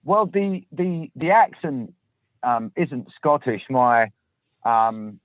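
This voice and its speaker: A podcast host from southern England chats casually and self-deprecatingly from his parked car. His mid-range voice has lively intonation and a slow pace, heard over a tinny, dry phone line.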